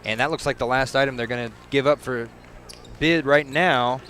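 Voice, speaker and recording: A man doing casual halftime commentary at a high school basketball game, chatty and easygoing with frequent pauses. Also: fairly bright tone. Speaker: play-by-play announcer. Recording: noisy gym crowd behind. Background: crowd chatter.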